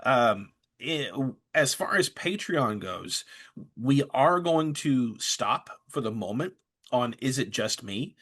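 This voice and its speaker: A man hosting a podcast, telling a funny story with lively acted-out quotes and frequent laughter. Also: medium pitch, slow. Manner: animated storyteller, acts out quotes, laughs often. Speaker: podcast host. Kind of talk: casual podcast chat, storytelling.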